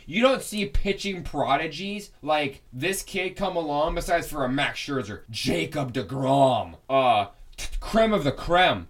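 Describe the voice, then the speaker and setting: Man, sports podcast host, fired-up rant, fairly high voice, loud bursts. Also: lively intonation. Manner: fired-up, ranting, swings between loud outbursts and quick asides.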